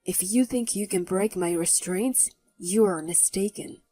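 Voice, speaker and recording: A woman's voice: medium pitch, measured pace, mellow, no room sound, close to an everyday voice. A woman voicing a burly, tattooed protective father in a story, stern and threatening, with faint music behind. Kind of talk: storybook narration.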